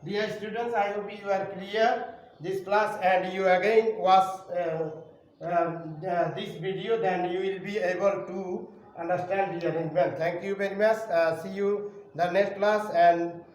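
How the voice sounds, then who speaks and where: A man with a Bangladeshi accent teaching an online English grammar lesson to primary students, explaining slowly and repeating himself. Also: sits high, fairly even intonation, a little mellow. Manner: slow, repetitive explaining to students. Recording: roomy, distant, faint noise.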